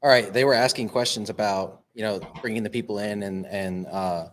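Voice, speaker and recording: A man's voice: fairly low pitch, fairly even intonation, fairly quick. A man hosting a podcast interview, agreeable and affirming as he chats with his guest. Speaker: podcast host.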